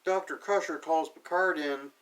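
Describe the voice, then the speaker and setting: A man with a slightly high voice runs through an episode recap, dry and sarcastic, tossing off loose paraphrases of what everyone says. He sounds set back from the microphone, so the voice carries a little distance. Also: fairly even intonation, normal speed, a bit bright. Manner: sarcastic, paraphrases characters offhandedly. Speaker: TV episode reviewer.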